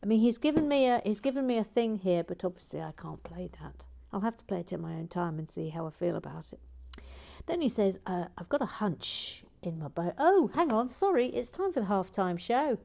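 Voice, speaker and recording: A woman hosting a live building stream, chatting casually in a soft, often half-whispered voice as she reads out viewer comments. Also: fairly low pitch, expressive, a little fast, creaky.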